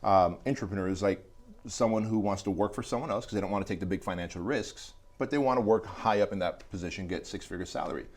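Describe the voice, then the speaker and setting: A man's voice: on the low side, fast. A middle-aged man, a guest on a podcast interview, telling stories and acting out quotes. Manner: animated storytelling, acts out quotes. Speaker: entrepreneur guest.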